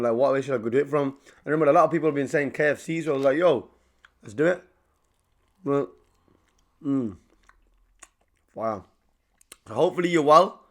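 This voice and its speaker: A young man, chatting casually to camera while eating in a mukbang vlog. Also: mid-range voice. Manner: chatty, eats between lines. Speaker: vlogger.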